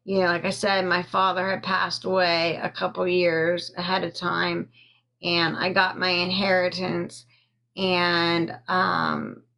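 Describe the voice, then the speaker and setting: Woman on a phone livestream telling her own story, slow and halting, lots of ums, thanks viewers as she goes. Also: fairly low pitch, level tone, gravelly, bright, forceful tone. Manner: slow and halting, many pauses and fillers. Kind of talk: personal story told on a live stream, thanking viewers.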